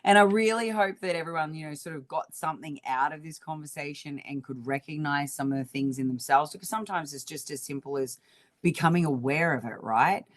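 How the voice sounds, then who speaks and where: A woman co-hosting a podcast in relaxed, casual chat, with many fillers. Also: sits low, a little fast. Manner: relaxed, full of "um" and "you know". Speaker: podcast co-host.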